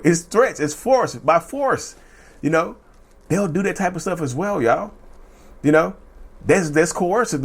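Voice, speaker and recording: A man hosting a casual talk video who rambles, repeats his phrases and addresses viewers as "y'all.". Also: on the high side. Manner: acts out short quoted threats in a changed voice. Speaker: mental health video host. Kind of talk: casual explanatory monologue.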